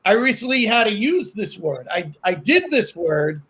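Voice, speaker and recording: High-voiced man telling a rambling comic story. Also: moderate pace, slightly rough. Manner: animated, repeats himself, laughs at own jokes. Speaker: comedian guest.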